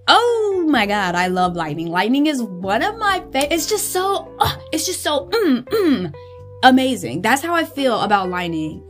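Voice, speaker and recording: A young woman hosting a podcast, chatting casually and gushing expressively, swearing freely. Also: fairly high pitch. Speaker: podcast host. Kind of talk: casual chat.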